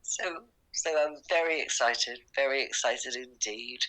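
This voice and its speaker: Older woman, British accent, bright tone, emotional, rambling, chatty phone call. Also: extremely low pitch, a little slow. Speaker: podcast host's mother on a phone call. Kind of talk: excited phone chat. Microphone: phone call recording.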